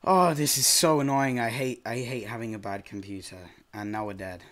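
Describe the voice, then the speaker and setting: A young man giving casual gameplay commentary as host of his channel, excitable and quick to yelp in frustration. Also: lowish voice.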